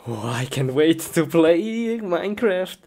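A woman in a comedic sketch, talking to herself and breaking into frustrated shouts. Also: fairly low pitch, big pitch swings, slow pace. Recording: noisy recording.

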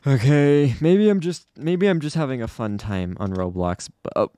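A man's voice: medium pitch, animated, normal speed, dark tone, dry recording. Young guy talking over his game, gets flustered a lot, laughs at himself, dead dry sound. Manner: chatty, self-deprecating, easily flustered. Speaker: gaming YouTuber. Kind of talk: casual gameplay commentary.

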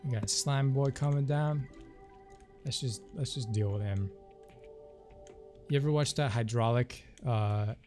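A man's voice: medium pitch, a little mellow. A man giving casual, rambling commentary as he plays a video game. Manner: chatty, rambling asides. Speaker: let's play host. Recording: game music behind the voice.

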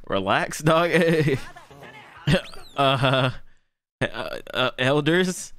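A man's voice: mid-range voice, expressive, very slow, pauses often, a bit bright. A man hosting an anime reaction channel, talking in loose, slangy, profane commentary and laughing often.

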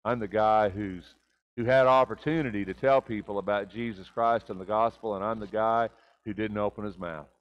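A man's voice: fairly even intonation, moderate pace, lo-fi sound. Man preaching a confessional sermon. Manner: swings from loud, high emphatic bursts to quiet low confessions. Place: church sanctuary.

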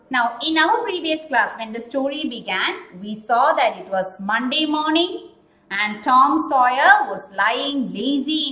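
Woman teacher, high voice, unhurried, repeats and asks questions, echoey room. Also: a bit bright. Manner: explains slowly, repeating key words and asking questions. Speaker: English teacher. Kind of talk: recorded class lesson. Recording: roomy echoing room.

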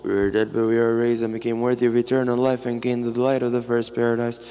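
A man reading liturgical hymn texts in a steady, solemn way in a church. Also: medium pitch, fast talker, clean tone. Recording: reverberant church hall.

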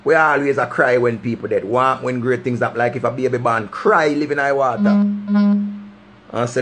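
A man's voice: medium pitch, moderate pace, fairly bright tone, slight background noise. A man with a Jamaican accent giving impassioned, preachy advice straight to camera, repeating his points for emphasis. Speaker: vlogger giving life advice.

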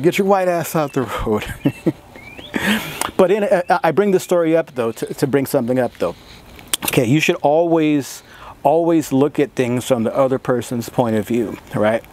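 A man's voice: mid-range voice, a little hiss or hum. Man telling a profane story on his vlog. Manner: profane, laughing, animated storyteller. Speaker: vlogger.

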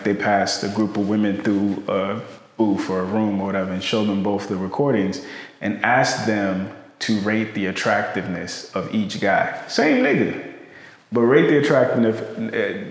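A man co-hosting a podcast, telling a story in loose, slangy casual talk. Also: fairly low pitch. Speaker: podcast co-host. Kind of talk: casual conversation. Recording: very echoey long-reverb room.

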